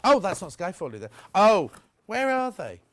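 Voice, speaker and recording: A chatty man hosting live TV sales, his voice sitting a little high and swooping up and down as he gets excited. He rambles from one aside to the next in a loose studio chat. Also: moderate pace. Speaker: shopping channel presenter.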